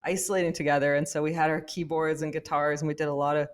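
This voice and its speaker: A woman's voice: deep voice, little pitch movement, fast talker. A woman co-hosting a podcast in casual chat, talking with fillers and frequent laughs. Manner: chatty, laughs often, many fillers. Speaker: podcast co-host.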